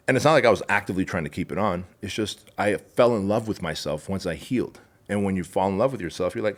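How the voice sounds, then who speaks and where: Emphatic low-voiced man, preaching hard. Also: brisk. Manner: emphatic, forceful, swears and preaches. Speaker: podcast guest. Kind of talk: casual interview chat.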